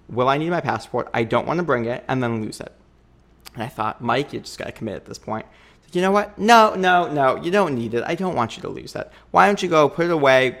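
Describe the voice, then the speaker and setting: A young man telling a long personal story in a casual podcast chat, acting out the quoted voices with lively energy. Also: mid-range voice, gravelly. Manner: animated, acts out quoted voices. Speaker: podcast guest.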